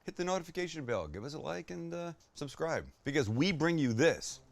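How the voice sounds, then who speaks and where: Excitable man hosting a cooking show. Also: on the high side, a little fast, creaky. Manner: excitable, swears when delighted; chatty asides to the viewer. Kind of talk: casual cooking demonstration.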